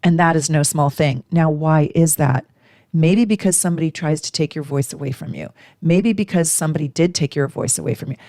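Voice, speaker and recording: A woman in her forties hosting an astrology talk, speaking with emphatic energy and acting out quick exchanges. Her voice sits on the low side and is recorded close and dry, with no room sound. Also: no echo. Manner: emphatic, animated, acts out little dialogues in a higher voice. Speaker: astrologer host. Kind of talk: casual astrology talk to camera.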